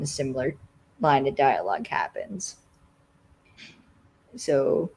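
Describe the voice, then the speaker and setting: A podcast co-host casually recapping a TV episode, rambling and filling every pause with "like.". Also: mid-range voice, darkish tone, poor audio. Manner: rambling, constantly says "like".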